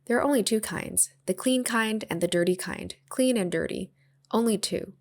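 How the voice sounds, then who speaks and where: A woman's voice: medium pitch, normal speed, close to an everyday voice. A woman reading the lines of a blunt, matter-of-fact young girl in a storybook, keeping them plain and insistent.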